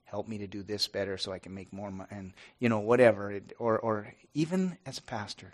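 A middle-aged pastor speaking earnestly and haltingly to his congregation, with many restarts. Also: on the low side. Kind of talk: informal devotional talk to a congregation.

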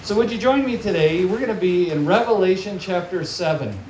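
Guest preacher, man, slightly high voice, distant mic in a roomy hall. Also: brisk, a little hiss or hum. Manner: warm storytelling, animated in acted quotes. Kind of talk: sermon. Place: large hall or church, audience present. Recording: echoey hall, picked up from far off.

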